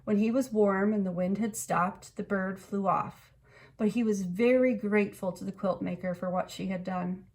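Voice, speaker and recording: A woman reading a children's picture book aloud in an expressive storytelling way. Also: medium pitch, moderate pace. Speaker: storybook reader.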